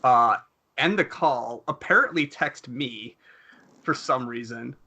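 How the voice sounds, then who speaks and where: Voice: medium pitch, takes it slowly, bright, forceful tone, husky. A podcast co-host bantering casually, joking and laughing a lot, often restarting his words.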